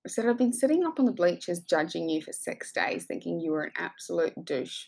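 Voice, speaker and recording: A woman with a lowish, gravelly voice tells a motivational story. She speaks effusively and animatedly, acting out both sides of each exchange as a coach. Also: lively intonation, a little fast, hardly any pauses, darkish tone.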